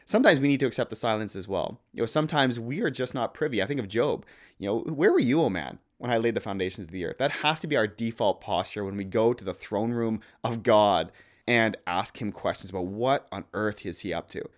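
A man's voice: on the low side, fairly quick. A man in his thirties, a podcast co-host, talking through theology in an earnest, thoughtful way and quoting Scripture aloud. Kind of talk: casual theological discussion.

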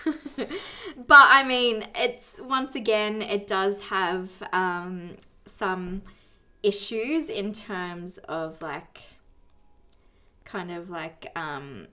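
A woman's voice: mid-range voice, very slow, pushed and bright. A woman co-hosting a casual movie chat, hesitant with many fillers as she defends the film. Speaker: co-host.

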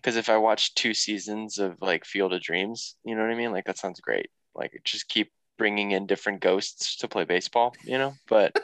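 A man's voice: fairly low pitch, normal speed, pushed and bright, no room sound. A young man co-hosting a podcast, talking in a laid-back, joking way. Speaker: podcast co-host. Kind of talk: casual chat.

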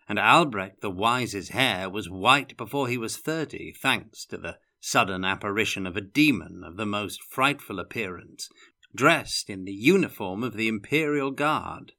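Genial prince in an audiobook, bright and forceful tone, relishes spooky tales, read by a man. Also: on the low side, exaggerated voice. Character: male prince, genial, relishes ghost stories.

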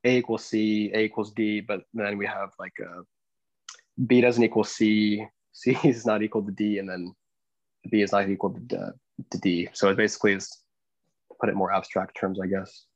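A young man talks through ideas on a podcast, stopping and restarting often as he searches for words. His voice sits fairly low. The sound is dull and lo-fi, with a dry, close feel. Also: little pitch movement, no echo. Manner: hesitant, many restarts and fillers, explaining slowly. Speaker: podcast co-host. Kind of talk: casual podcast chat.

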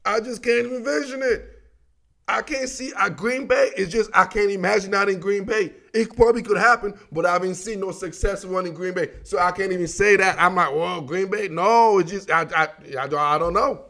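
High-pitched guy from africa doing a loose sports talk rant, slangy, keeps saying dog and man, chuckles a lot. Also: brisk, vocal fry, pushed and bright. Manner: slangy, rambling, fills lines with "dog" and "man"; laughs often mid-sentence. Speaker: sports talk show host. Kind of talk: casual sports commentary monologue.

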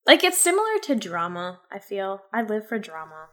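A woman's voice: mid-range voice, very animated, moderate pace, a bit bright. A woman in casual chat, telling a story in a rambling way with lots of "like". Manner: rambling storyteller, heavy use of "like".

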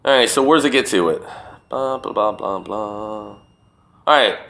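A man's voice: fairly low pitch, unhurried, vocal fry, pushed and bright. A man hosting a solo podcast, talking in a rambling, profane and emphatic way. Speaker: podcast host. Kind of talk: casual solo podcast rant.

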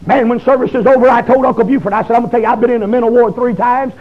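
A man, preaching a testimony sermon in a folksy storytelling way that breaks into shouting. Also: very high-pitched, fairly even intonation, rapid-fire. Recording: dull lo-fi recording.

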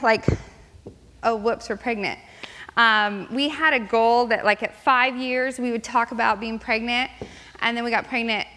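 Woman, 30s, bright and fairly high-pitched, telling a personal story at church, casual with plenty of "um"s, long echo in a hall. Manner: chatty, many fillers, lively retelling. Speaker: church speaker. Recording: long reverb in a large hall.

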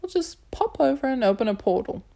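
A woman's voice: high-pitched, very animated, creaky, dark tone, pitched above the performer's own voice, heavily acted. A woman reading an audiobook, voicing a playful, confident feline goddess who purrs and teases. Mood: brisk amused. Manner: purring, amused, brisk. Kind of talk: audiobook character voice.

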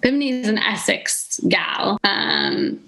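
A woman's voice: medium pitch, huge pitch swings, slow pace, gravelly, bright, forceful tone. An English woman, a guest, chatting playfully on a podcast and trying out impressions. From England. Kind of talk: casual podcast chat. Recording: roomy echo.

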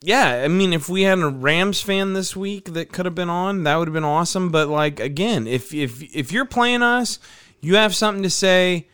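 Podcast host, male, smooth clear voice, loose rambling delivery. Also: high-pitched, normal speed, fairly bright tone. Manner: rambling, restarts and laughs easily. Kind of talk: casual podcast chat.

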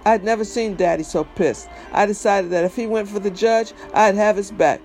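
A man's voice: high voice, moderate pace, hardly any pauses, darkish tone, faint music behind. A man reading a memoir aloud in an emphatic, conversational storytelling manner. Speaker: reader.

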